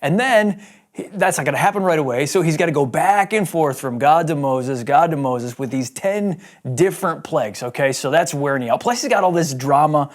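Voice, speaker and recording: A fairly high-voiced man preaching a sermon. He retells scripture in a lively, casual storytelling manner, slipping into voices for the people in the story. His delivery stays conversational, like a pastor talking straight to his congregation. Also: fairly quick. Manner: animated storytelling with acted-out dialogue.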